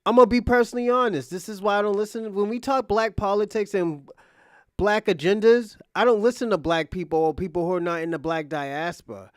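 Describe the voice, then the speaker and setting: A man's voice: high-pitched, fairly even intonation, fairly quick, no room sound, clean studio sound. A man giving heated reaction commentary, angry and profane, ranting in disbelief. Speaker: commentary streamer.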